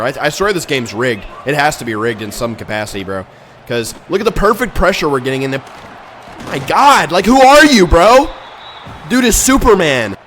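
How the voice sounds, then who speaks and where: A young man commentating his own football video game, exasperated and ranting, with sudden loud outbursts. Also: a little high, a little hiss or hum. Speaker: gaming YouTuber. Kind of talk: live gameplay commentary.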